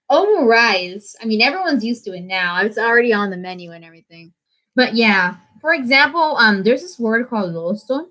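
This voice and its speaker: A woman's voice: medium pitch, fairly bright tone, poor audio. Bubbly young American woman streamer. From United States. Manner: bubbly, switches between English and Japanese. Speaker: livestream host. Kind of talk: casual livestream chat.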